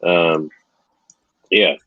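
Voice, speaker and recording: A man's voice: sits low, steady tone, very slow, sharp tone, dull audio. A man hosting a casual live stream and signing off, loose and profane, with plenty of ums and restarts.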